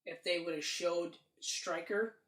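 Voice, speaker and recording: A woman co-hosting a casual film review podcast, excitable and profane, acting out scenes as she goes. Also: fairly low pitch, unhurried. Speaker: podcast co-host. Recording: roomy, distant mic.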